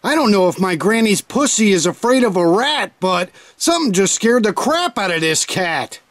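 High, animated man ranting in rhyme. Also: moderate pace, no echo. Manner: rhyming insults, exaggerated outrage. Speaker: comedy video narrator. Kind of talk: crude comedic commentary.

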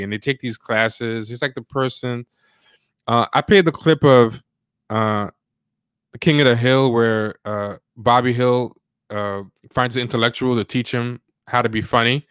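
A man co-hosting a casual livestream podcast, talking in a rambling, sardonic way and mocking people with quick impressions. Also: medium pitch, a bit bright, clear, resonant tone, no echo, clean studio sound. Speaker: podcast co-host.

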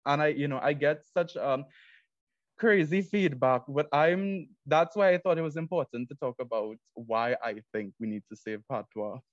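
A man's voice: a little high, expressive, moderate pace, no echo. Young Trinidadian man, student presenter, earnest and explanatory, dull dry lo-fi sound. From Trinidad and Tobago. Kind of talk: academic presentation.

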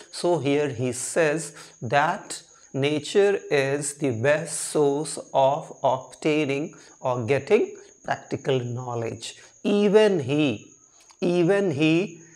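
A man's voice: fairly high pitch, a little mellow. A man teaching a poem as a lecture, repeating phrases and spelling terms out letter by letter. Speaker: literature teacher.

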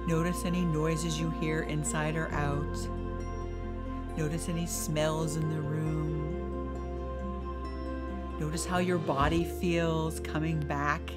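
A woman with a somewhat low voice leads a slow, soothing guided meditation, then shifts into emphatic, encouraging coaching. Music plays clearly beneath her throughout. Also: level tone. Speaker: podcast host and life coach.

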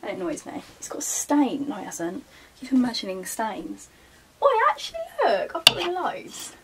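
A woman's voice: on the high side, wildly swooping pitch, moderate pace, recorded from a distance, heavy background noise. A young woman, talking casually as a vlogger while sorting her wardrobe, chatting and muttering asides to herself. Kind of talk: casual chat. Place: bedroom beside her wardrobe.

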